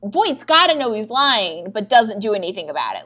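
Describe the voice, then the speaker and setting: Animated young woman recapping a show. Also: medium pitch, normal speed. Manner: animated retelling with quoted dialogue and swearing. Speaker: podcast co-host recapping episodes. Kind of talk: casual chat.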